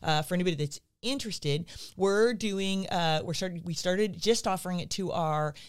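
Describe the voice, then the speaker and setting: A woman dog training instructor in a casual chat, friendly and agreeable, pausing with fillers as she explains. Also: fairly low pitch, clean tone.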